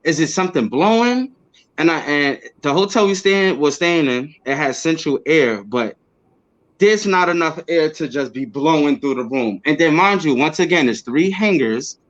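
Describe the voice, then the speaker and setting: A man being interviewed, telling a personal story casually and acting out what he said back then with bursts of energy and laughs. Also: a little high. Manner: animated, acts out his own past words with quick bursts and laughs. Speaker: interview guest. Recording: slightly dull lo-fi audio.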